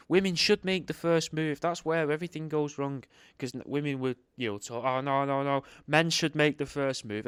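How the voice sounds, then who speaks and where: A man's voice: fairly high pitch, clear, resonant tone, no room sound, studio quality. Sweary sarcastic man reading aloud. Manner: sarcastic, swears a lot, rambling asides. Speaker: host reading a book aloud. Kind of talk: reading aloud with off-the-cuff commentary.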